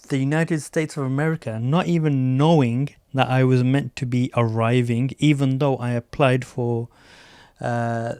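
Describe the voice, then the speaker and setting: A man telling rambling stand-up stories, acting out other people's voices and halting often with fillers. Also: mid-range voice, darkish tone, smooth, dry recording, clean studio sound. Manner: rambling anecdotes with quoted voices; slow, halting delivery with many fillers. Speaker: stand-up comedian. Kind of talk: stand-up storytelling.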